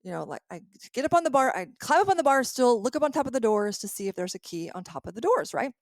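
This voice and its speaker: A woman in her thirties hosting a podcast as a coach, telling a personal story in a lively, laughing way and acting out her own past lines. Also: on the high side, fast talker, no room sound, clean studio sound. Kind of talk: casual storytelling monologue.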